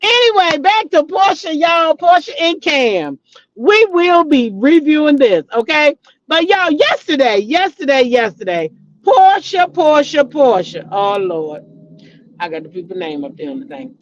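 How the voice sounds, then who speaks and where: Animated woman dishing gossip, lo-fi sound. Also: sits high, a little slow, no room sound. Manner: animated, dramatic, chatty, addresses viewers as y'all. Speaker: vlogger, show host. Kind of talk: casual celebrity gossip chat. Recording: dull lo-fi recording.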